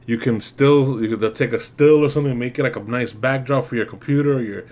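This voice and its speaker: A man's voice: mid-range voice, a little fast, darkish tone. A man giving a casual spoken movie review as host, ranting and exasperated, with lots of fillers and swearing.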